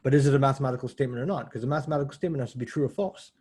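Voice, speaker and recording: A man's voice: mid-range voice, racing, darkish tone, slightly rough. A man giving a university math lecture in a conversational way, often correcting himself as he explains step by step.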